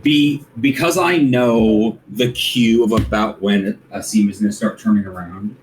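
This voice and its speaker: A man's voice: fairly low pitch, unhurried, echoey room, a little hiss or hum, poor audio. A man playing in a tabletop game, chatting casually and plotting his moves. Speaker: player.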